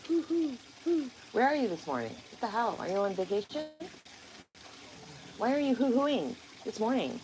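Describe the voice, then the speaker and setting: A woman's voice: medium pitch, very animated, normal speed, a little mellow, rough recording. A woman hosting a casual livestream outdoors by a pond, rambling, swearing now and then and answering viewer comments aloud. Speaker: livestream host. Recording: outdoor noise in background.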